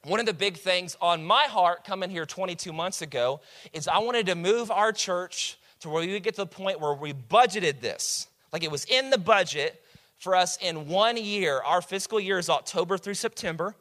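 A pastor preaching a sermon, calling out to the congregation and building to shouts. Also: male voice, sits high, normal speed.

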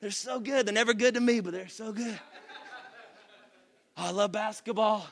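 A man's voice: high-pitched, moderate pace, creaky, fairly bright tone. A man voicing an imagined churchgoer who gushes about his sports teams in a dreamy, mock-adoring way. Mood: gushing. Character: gushing male sports fan churchgoer.

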